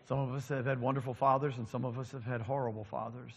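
A man's voice: medium pitch, steady tone, fairly quick, fairly bright tone, breathy edge, highs cut off. A man preaching a sermon as pastor, with frequent ums and lines repeated for emphasis. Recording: long reverb of a large hall.

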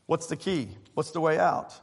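A man, a pastor, preaching a sermon in a relaxed, conversational way, with fillers and asides to his congregation. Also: fairly high pitch, moderate pace, breathy edge. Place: church sanctuary. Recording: long hall reverb.

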